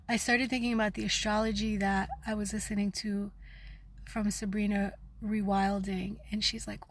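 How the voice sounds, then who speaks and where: Speaking with fast, seething intensity, a middle-aged vlogger swears her way through a raw spiritual video, sometimes lowering to a whisper. Her medium-pitched voice is slightly rough and shows little pitch movement.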